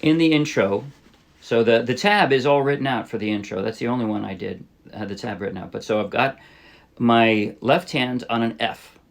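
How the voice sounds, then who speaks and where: A man teaching a ukulele song in a relaxed, casual way, thinking aloud and correcting himself as he plays. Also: medium pitch, moderate pace, gravelly. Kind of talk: casual instructional talk. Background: ukulele playing.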